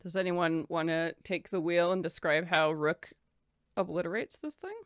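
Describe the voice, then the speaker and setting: Woman game master, somewhat low voice, dry close sound, chatty scene narration. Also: steady tone, normal speed, no echo. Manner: loose, descriptive, filler-heavy narration.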